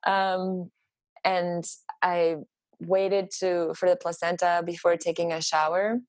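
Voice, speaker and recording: A woman sharing a personal story in casual conversation, animated and halting, with many fillers. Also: on the low side, dry recording. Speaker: podcast guest.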